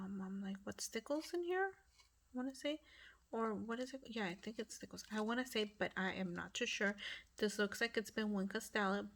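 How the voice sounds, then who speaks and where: Woman, craft channel host, casual unboxing vlog, gushing, breathy, slips into whispers, fairly high voice. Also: fairly bright tone.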